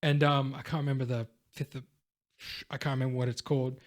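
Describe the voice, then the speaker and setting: A young man co-hosting a casual podcast, retelling film scenes with lots of fillers and bursts of excitement. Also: medium pitch, quick pace. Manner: animated storyteller, acts out film scenes, lots of "like" and "dude". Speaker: podcast co-host. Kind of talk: casual chat.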